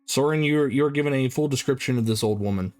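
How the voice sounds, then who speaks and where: A man's voice: medium pitch, fast, a little mellow. A man running a tabletop horror game as dungeon master, explaining the scene and repeating words as he goes.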